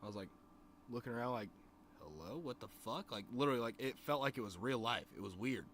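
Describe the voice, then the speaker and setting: A man's voice: medium pitch, quick pace, fairly bright tone, slight background noise. A man streaming to his chat, telling a rambling story in a casual, profane way, with lots of "you know what I mean.". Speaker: streamer and musician.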